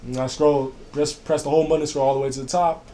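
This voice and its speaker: A man's voice: fairly high pitch, little pitch movement, fast talker, warm tone. A young man in casual chat, telling a story in a rambling way, full of fillers and "I was like.".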